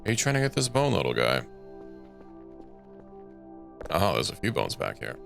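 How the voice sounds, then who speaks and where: A man's voice: deep voice, wildly swooping pitch, fast, creaky, fairly bright tone, faint music behind. A young man streaming a game, thinking aloud in a rambling, casual way and correcting himself as he goes. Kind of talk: casual gameplay commentary.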